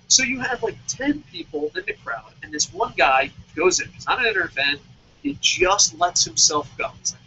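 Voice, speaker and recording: A man with an unusually high, bright voice rants with heavy swearing. His pitch swings widely as he presses his points. A faint hiss of noise sits under him. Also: gravelly, rough recording. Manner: heated, profane, emphatic. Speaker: show host. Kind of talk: profane wrestling-commentary rant.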